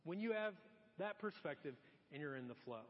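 A man's voice: on the high side, fairly quick. A middle-aged male pastor preaching a sermon in a church, acting out exasperated asides. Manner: animated, acts out exasperated asides. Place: church auditorium. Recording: long church-hall reverb, dull lo-fi sound.

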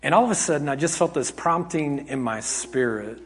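High-voiced pastor preaching in a hall. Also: male voice, normal speed, a little hiss or hum. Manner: animated storytelling, acting out quotes loudly then dropping to hushed tones. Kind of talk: sermon. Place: church hall.

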